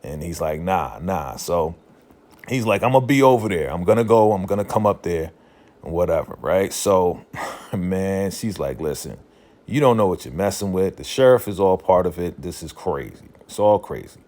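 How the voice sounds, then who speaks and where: Low-voiced man recapping a drama episode. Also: normal speed. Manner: animated retelling, paraphrasing characters' lines. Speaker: recap reviewer.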